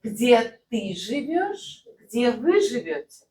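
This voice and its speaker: A woman's voice: a little high, big pitch swings, slow pace, darkish tone, echoey room, distant mic, slight background noise, rough recording. A woman who speaks Russian natively, teaching a language lesson in English and having the learner repeat phrases after her. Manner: patient, drills phrases for repetition, checks with "right?".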